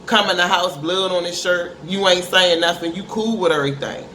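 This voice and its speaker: A middle-aged parent offers frank, forceful advice to the camera in a fairly low, bright voice at a normal pace, preaching emphatically and frequently addressing her listeners as honey. The room is reverberant, so her voice rings, and a faint hiss lies beneath it.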